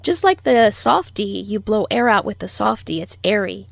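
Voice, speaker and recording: A woman teaching a language lesson, who says each word slowly and clearly for learners to repeat and explains pronunciation patiently. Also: mid-range voice, big pitch swings, no echo. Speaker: Spanish teacher. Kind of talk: slow, deliberate language lesson.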